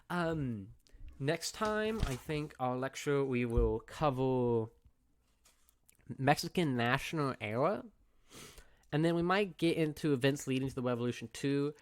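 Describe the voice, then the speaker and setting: A young man, a teacher giving a recorded review lecture, laid-back and repetitive, often checking in with "okay?". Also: fairly high pitch. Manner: casual, repeats points and checks in with "okay?".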